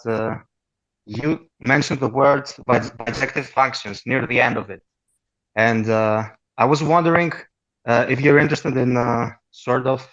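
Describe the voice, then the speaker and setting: A man's voice: medium pitch, a bit bright. A man from Greece with a Greek accent, a caller asking a hesitant question full of fillers. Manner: hesitant, apologetic, many fillers. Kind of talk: casual question to a host. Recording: dull lo-fi voice chat audio.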